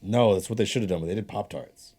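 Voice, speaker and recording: Blunt man with a deep, husky voice. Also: quick pace, dark tone. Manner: blunt, opinionated, dry putdowns. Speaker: podcast co-host. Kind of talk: casual chat.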